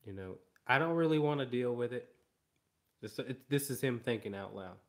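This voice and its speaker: A man's voice: medium pitch, lively intonation, normal speed. A man working as a dog trainer, explaining training in an emphatic way and repeating key phrases. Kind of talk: instructional explanation.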